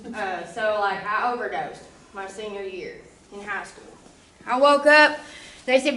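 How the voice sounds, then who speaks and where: A woman's voice: on the high side, moderate pace, echoey room, recorded from a distance, crowd noise, rough recording. A young woman giving a casual personal testimony, full of asides to the listeners. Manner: casual storytelling with frequent asides. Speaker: speaker giving a recovery testimony.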